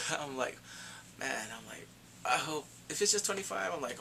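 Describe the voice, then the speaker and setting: Lively man rambling through a review. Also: on the high side, moderate pace, gravelly, a little hiss or hum. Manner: rambling, animated, self-correcting. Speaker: anime reviewer. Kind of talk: casual episode review.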